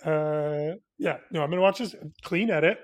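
A man's voice: fairly high pitch, moderate pace. A man in his thirties co-hosting a podcast in casual chat, with a dry, teasing sense of humor. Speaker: podcast co-host.

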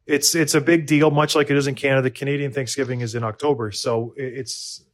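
A man's voice: mid-range voice, steady tone, fairly quick. A man in his thirties from the United States, co-hosting a podcast in casual chat, rambling and self-deprecating with many restarts. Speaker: podcast co-host.

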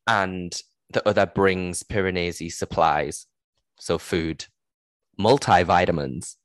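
A young Geordie woman with a notably low voice talks through a novel in a loose, chatty way. She laughs easily and swears freely. The sound is close and dry. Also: fairly even intonation, takes it slowly, no room sound. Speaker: podcast co-host. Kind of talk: casual book-club chat.

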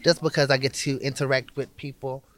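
A man's voice: mid-range voice, level tone, brisk, a bit bright. A man speaking as a drag performer in an interview, exuberant and sassy, calling people honey and baby. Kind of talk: animated interview answers.

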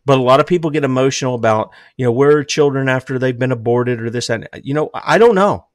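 With a middle-pitched voice, a passionate older preacher moves quickly through his sermon, his intonation fairly even. He says he is emotional and shifts between loud, emphatic proclamations and soft, hushed lines, recorded close and dry with no room echo.

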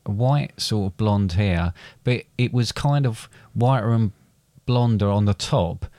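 A middle-aged man co-hosting a podcast, telling a family story in a halting, repetitive way. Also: fairly low pitch, dark tone, no echo. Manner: hesitant, repeats words, gets choked up. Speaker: podcast co-host, father. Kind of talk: casual storytelling chat.

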